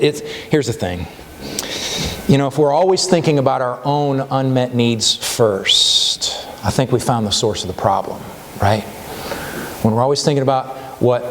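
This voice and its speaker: A man's voice: medium pitch, slight background noise. A male pastor giving a sermon in a conversational way, often checking in with "right?" as he talks. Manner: conversational preaching with frequent "right?" tags and restarts. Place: church sanctuary. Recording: church hall with long reverb.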